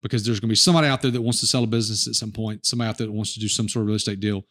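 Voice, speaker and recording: A man's voice: fairly low pitch, racing. A middle-aged man hosting a podcast interview in casual chat, talking in loose, rambling sentences with restarts. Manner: relaxed, rambling storyteller with restarts. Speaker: podcast host.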